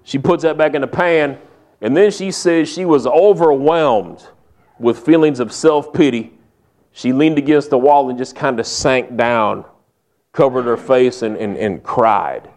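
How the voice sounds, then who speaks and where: Male preacher, folksy humorous sermon delivery, middle pitch. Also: measured pace, darkish tone. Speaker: pastor.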